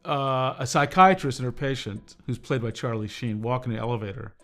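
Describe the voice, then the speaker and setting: A man's voice: mid-range voice, brisk, a bit bright. Guy chatting on his stream, rambly, lots of uhs and restarts, faint music behind. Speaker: livestream host reviewing drawing tablets. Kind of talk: casual livestream chat with viewers.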